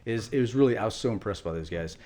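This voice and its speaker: Man, middle-aged, retired Marine guest, very low voice, rapid storytelling. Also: a crowd in the background. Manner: fast, animated war storytelling with acted quotes. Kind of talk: storytelling interview.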